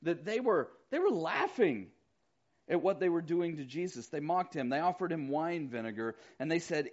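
A middle-aged man preaching a sermon as pastor, conversational and animated as he retells the story. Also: on the high side, normal speed, muffled recording.

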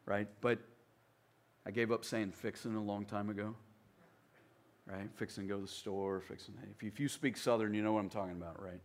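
A man's voice: fairly low pitch, fairly even intonation, normal speed, long pauses. A man from the American South preaching a sermon in a conversational way, often checking in with his listeners. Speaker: pastor.

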